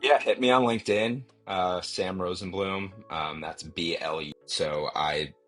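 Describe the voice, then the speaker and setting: A low, husky male voice belongs to a podcast guest who talks loosely and circles back on himself. He stacks fillers, repeats words, and restarts his sentences as he goes. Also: fairly even intonation, unhurried, fairly bright tone, faint music behind. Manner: rambling, full of fillers and restarts. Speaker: podcast guest, marketing entrepreneur. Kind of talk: casual interview answers.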